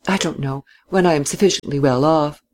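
A man reading a story and voicing a reserved young man who answers quietly and tersely. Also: fairly high pitch, brisk, natural voice.

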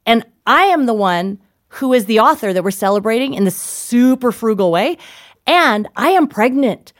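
A middle-aged woman, an author and guest, telling stories in lively conversation, laughing and acting out the voices of the people she quotes. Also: fairly high pitch, moderate pace, dry recording, clean studio sound. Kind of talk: conversational storytelling.

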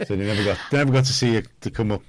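A man hosting a radio interview, mostly giving short, quick agreements and asking questions. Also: on the low side, no echo. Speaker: radio host.

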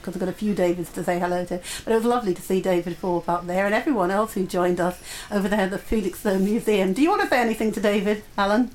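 A woman's voice: medium pitch, a little hiss or hum, rough recording. Chatty woman radio presenter. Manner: chatty, laughs often, reads listener messages. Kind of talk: casual live radio chat.

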